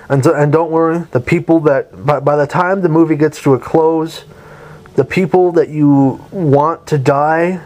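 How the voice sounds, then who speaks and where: A man's voice: medium pitch, darkish tone. A young man giving a rambling, enthusiastic spoken movie review, swearing casually as he goes.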